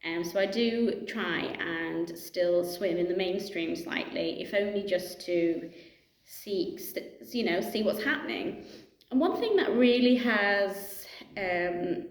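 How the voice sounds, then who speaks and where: A woman's voice: mid-range voice, slow pace. A middle-aged woman, a yoga teacher, talking casually and reflectively to camera in a chatty way, laughing easily and filling her speech with asides and fillers. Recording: echoey room.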